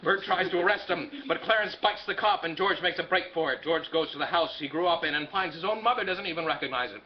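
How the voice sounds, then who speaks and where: A man retelling a whole film by himself, jumping between frantic high-pitched shouting and low gruff voices, laughing often. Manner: frantic, laughing, rapid-fire impressions. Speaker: performer retelling a film alone. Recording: dull lo-fi recording with faint noise.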